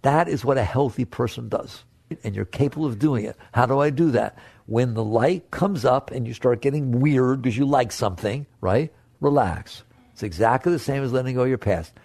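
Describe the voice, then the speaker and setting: A man giving a spiritual talk to an audience, direct and coaxing. He jumps between playful high voices and soft low asides. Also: normal speed, vocal fry, no room sound. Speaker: spiritual teacher.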